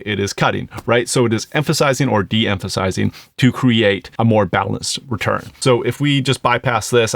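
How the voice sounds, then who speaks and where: A man's voice: mid-range voice, vocal fry, slight background noise. A man reviewing an audio plugin in a casual, explanatory tutorial, thinking aloud as he goes. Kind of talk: casual screen-recorded tutorial.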